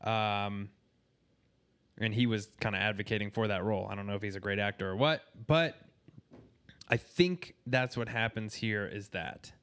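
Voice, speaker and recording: A man's voice: lowish voice, moderate pace, fairly bright tone, clean tone. A married man co-hosting a podcast in casual chat, laid-back and swearing freely. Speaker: podcast co-host.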